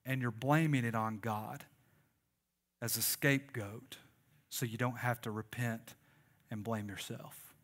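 A man's voice: mid-range voice, fairly even intonation, measured pace, pauses often. A man preaching a sermon, conversational and joking and calling on the congregation to respond. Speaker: pastor.

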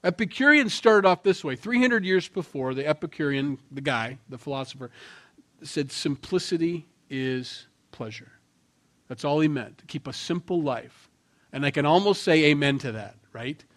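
A man preaching a sermon in a conversational tone, swinging between loud emphasis and quiet asides. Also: fairly high pitch, expressive, normal speed. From Norwegian heritage. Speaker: pastor.

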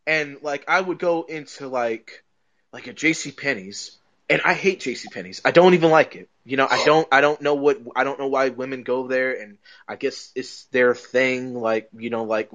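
A man with a high, lively voice tells a rambling story on a podcast, tripping over repeated words and swearing freely. His tone is bright and sharp. The audio sounds dull and lo-fi. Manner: animated, swears freely, repeats himself, laughs often. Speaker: podcast co-host. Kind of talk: casual storytelling chat.

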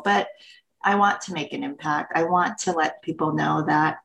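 A woman's voice: sits low, normal speed, creaky, fairly bright tone, low-quality recording. A woman guest on a podcast, candidly sharing a personal story with emotion and acted-out quotes. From United States.

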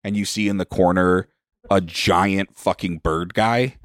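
A man's voice: low voice, steady tone, measured pace, no echo, clean studio sound. A man narrating a tabletop game as game master, casual and rambling.

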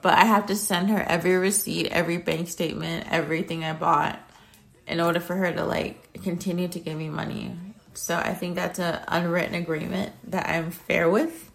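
A woman's voice: lowish voice, flat delivery, normal speed, gravelly. A young woman vlogging at home, talking in a blunt, ranting way and swearing freely. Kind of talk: casual chat.

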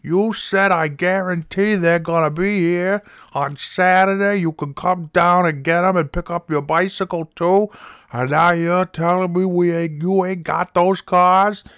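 Guy doing a blustery old man yelling down the phone, higher voice, dry sound. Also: fairly even intonation, a little slow, clear, resonant tone, no room sound. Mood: indignant. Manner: loud, indignant, blustering. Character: angry older male customer, shouting threats.

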